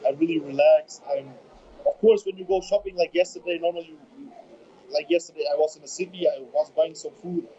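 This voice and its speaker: Over dull, lo-fi remote audio, a bodybuilder guest in his twenties talks casually in an interview, using English as a second language with a German accent. He pauses and repeats words as he hunts for them, and his slightly high voice is steady and mellow.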